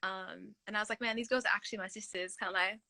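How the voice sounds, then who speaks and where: A woman's voice: mid-range voice, steady tone, fast talker, creaky, crowd noise, low-quality recording. A young woman from Australia, co-hosting a casual chat in a rambling way. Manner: rambling, many fillers and restarts. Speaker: co-host.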